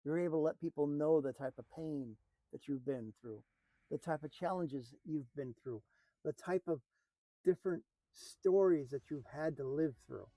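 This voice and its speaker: A man giving an earnest motivational talk, repeating phrases and often dropping to a soft, hushed voice for emphasis. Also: fairly high pitch, moderate pace, no echo, poor audio. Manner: earnest, repetitive, drops to a soft hush for emphasis. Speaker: motivational speaker.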